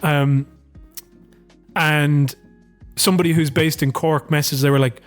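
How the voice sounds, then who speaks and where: A man co-hosting a podcast, telling stories in a rambling, sweary, animated way. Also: a little high, normal speed, long pauses, soft background music. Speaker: podcast co-host. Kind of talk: casual political chat.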